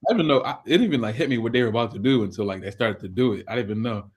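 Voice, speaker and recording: A man's voice: mid-range voice, lively intonation, racing, a little mellow. Man reacting casually on a podcast. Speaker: podcast co-host. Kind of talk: casual wrestling recap.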